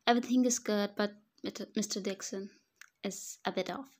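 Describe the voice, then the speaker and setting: A woman's voice: medium pitch, fairly even intonation, darkish tone, lightly acted. A woman voicing a bubbly young female office friend who fires off worried questions. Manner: rapid-fire worried questions.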